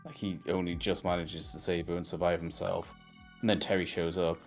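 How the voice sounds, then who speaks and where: A man's voice: sits low, little pitch movement, brisk, faint music behind. A man co-hosting a podcast, chatting loosely about a cartoon series, rambling and swearing casually. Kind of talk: casual chat.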